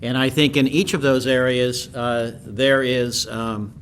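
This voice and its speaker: Council guy thinking out loud, lots of ums and uhs, faint noise under it. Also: medium pitch, level tone, measured pace. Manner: hesitant, many ums and uhs. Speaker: council member. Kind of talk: council deliberation.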